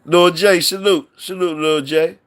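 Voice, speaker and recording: A man's voice: a little high, fairly even intonation, unhurried, fairly bright tone, smooth. A man hosting a live stream in loose, profane, repetitive banter with his chat, talking on a mic from his workplace.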